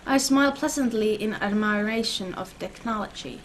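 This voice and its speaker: A woman with a fairly high voice reads a game's story text aloud with strong feeling. Her delivery is expressive, and clear game music plays underneath. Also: unhurried. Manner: expressive, emotional reading. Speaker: gaming channel host.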